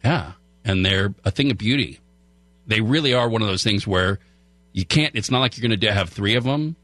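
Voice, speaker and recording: A man's voice: lowish voice, brisk, fairly bright tone, no room sound. Rambling man, dry studio voice. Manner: rambling, lots of fillers and restarts. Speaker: food show host, radio guest. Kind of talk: casual radio chat. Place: radio studio. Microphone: studio microphone.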